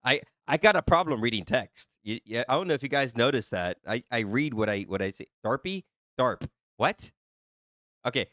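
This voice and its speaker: A man hosting a live stream who reads out the chat in a flustered, excitable way and teases the viewers. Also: mid-range voice, moderate pace, dry recording, studio quality. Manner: flustered and excitable, laughing often, teasing viewers. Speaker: livestream host reading chat.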